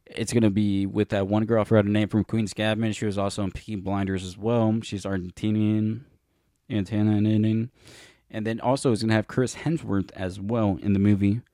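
Low-voiced man rambling about movies. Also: fairly even intonation, a little fast, hardly any pauses, mellow, dry recording, studio quality. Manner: rambling, often corrects himself and loses names. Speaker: podcast co-host. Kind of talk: casual movie podcast chat.

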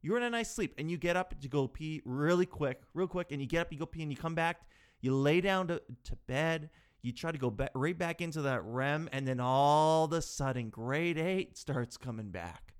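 A man in his twenties telling comic stories about his life, animated, jumping from loud yells to low mumbled asides. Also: normal speed, smooth. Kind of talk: comedic storytelling.

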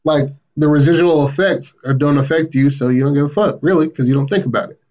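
A man co-hosting a podcast, casually retelling a story plot and acting out the characters' lines with a raised voice. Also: quick pace. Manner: animated retelling, acts out quotes with raised pitch. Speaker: podcast co-host. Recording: muffled, lo-fi podcast audio.

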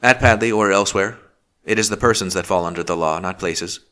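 A man reading the part of a passionate older magistrate who speaks harshly and forcefully. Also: deep voice, a little fast, clear, resonant tone. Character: passionate older male magistrate, gruff and stern.

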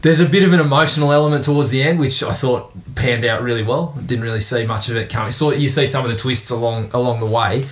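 A man talks loosely on a podcast, rambling and restarting his sentences and swearing offhandedly. His voice sits at a middling pitch. The delivery stays relaxed and chatty throughout. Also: fast talker, hardly any pauses. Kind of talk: casual chat.

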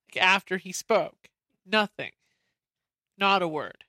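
Sarcastic woman podcast co-host, bright tense voice, dry sound. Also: mid-range voice, lively intonation, slow pace, no room sound. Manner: sarcastic, teasing, curses freely. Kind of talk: casual chat.

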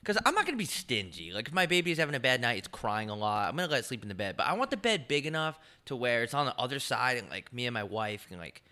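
A man's voice: medium pitch, very animated, fast, few pauses, bright, forceful tone. A young man co-hosting a podcast, joking loosely and crudely in casual chat. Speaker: podcast co-host.

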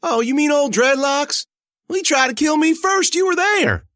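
A man's voice: high-pitched, expressive, a little fast, sharp tone, no echo, studio quality, pitched above the performer's own voice. A man voicing a brash, defiant young woman with mind powers, mocking and taunting in a storybook reading.

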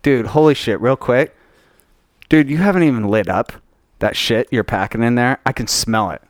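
A man co-hosting a podcast, telling stories in a lively, profane, joking way. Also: medium pitch, normal speed, no room sound, clean studio sound. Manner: animated, profane storyteller. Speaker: podcast co-host. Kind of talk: casual podcast banter.

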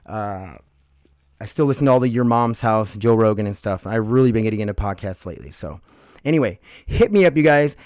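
A man's voice: lowish voice, animated, a little fast, a little mellow, smooth. Rambling casual man hosting a podcast. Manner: rambling, self-deprecating, loose with fillers and swearing. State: dealing with nerve pain. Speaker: podcast host. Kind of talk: casual solo podcast talk.

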